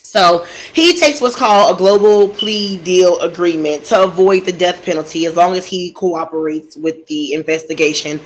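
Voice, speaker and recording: A woman's voice: fairly low pitch, moderate pace, hardly any pauses, slight background noise, poor audio. A woman telling a true crime story casually into a desk microphone, getting emotional and outraged and talking straight to her listeners.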